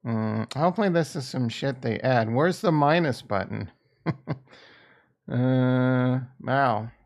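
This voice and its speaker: Male crypto streamer, unhurried, rambles casually and swears, thinks out loud. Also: medium pitch. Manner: rambling, thinking aloud while trading; casual and profane. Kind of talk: casual livestream chat.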